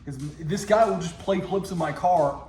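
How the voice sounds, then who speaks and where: A man's voice: on the high side, normal speed, a little mellow, roomy sound. A man hosting his own video show, riffing and joking directly to his viewers in casual comedic commentary. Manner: jokey, riffing, talks straight to viewers.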